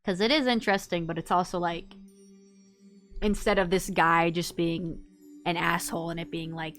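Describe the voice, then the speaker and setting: A woman's voice: fairly low pitch, steady tone, moderate pace, a bit bright, soft background music. Chatty woman streaming a game. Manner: chatty, reacts aloud, laughs. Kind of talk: casual gameplay commentary.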